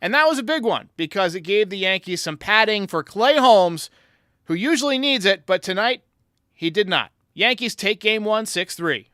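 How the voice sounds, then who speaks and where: A man hosting a sports podcast, giving an excitable casual game recap and talking straight to his viewers. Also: high voice, normal speed, no echo, studio quality. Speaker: podcast host.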